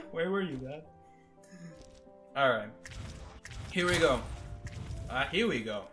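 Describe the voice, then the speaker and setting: A man chatting casually on a live game stream, his voice bright and a little higher than most men's. He rambles, corrects himself mid-sentence and laughs easily, with soft music playing quietly behind him. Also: animated, extremely slow, pauses often.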